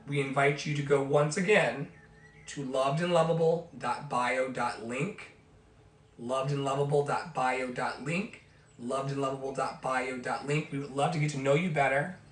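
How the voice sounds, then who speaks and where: A man's voice: medium pitch, a bit bright. Emphatic life coach man, echoey room. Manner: emphatic, repetitive, preacher-like. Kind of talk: motivational talk. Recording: echoey room with faint music.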